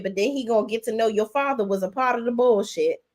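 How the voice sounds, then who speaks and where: A woman's voice: medium pitch, fairly quick, few pauses. Chatty woman recapping soaps to her chat. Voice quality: chatty, animated, talks to chat directly. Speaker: host. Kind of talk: casual live-stream soap opera recap.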